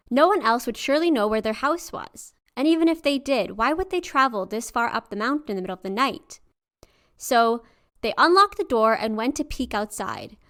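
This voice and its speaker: A woman co-hosting a podcast, reading a folktale aloud and chatting between passages in a lively way, laughing easily. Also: a little high. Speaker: podcast co-host and storyteller. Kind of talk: story reading and casual chat.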